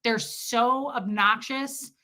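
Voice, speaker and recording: A woman in her forties with a raised pitch and a very bright, forceful voice. She chats crudely and candidly with her viewers on a live stream, reacting to comments as she goes. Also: steady tone, slow pace. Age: 40s. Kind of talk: casual live stream chat.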